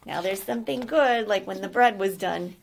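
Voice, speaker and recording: A woman reading a children's story aloud gently, pausing to ask the listener questions. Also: mid-range voice, gravelly.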